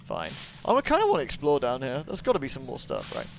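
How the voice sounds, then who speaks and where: A man's voice: medium pitch, wildly swooping pitch, quick pace, gravelly, slight background noise. A young man giving casual, jokey let's-play commentary, swearing and chatting to the game character. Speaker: gaming YouTuber.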